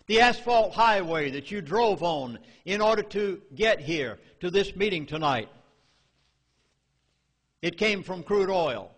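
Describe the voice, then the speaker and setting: A man with a Southern US drawl speaks to a meeting crowd, with emphatic and urgent warnings. His voice sits a bit high, and a long hall reverb trails each phrase. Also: lively intonation, slow, a bit bright. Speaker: public speaker. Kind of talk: public lecture to a live audience.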